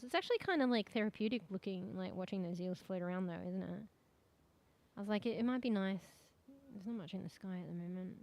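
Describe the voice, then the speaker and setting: A woman's voice: mid-range voice, no room sound. A young adult woman streaming a game, chatting casually in a rambling, sweary way with lots of fillers. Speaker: VTuber streamer. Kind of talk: casual gaming stream chat.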